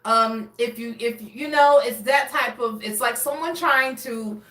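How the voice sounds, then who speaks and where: Tarot reader, female, higher voice, rambling searching delivery, roomy echo, off-mic. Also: measured pace, a bit bright. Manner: rambling, searching for words, frequent restarts. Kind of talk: casual tarot reading monologue. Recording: echoey room, voice a bit far from mic.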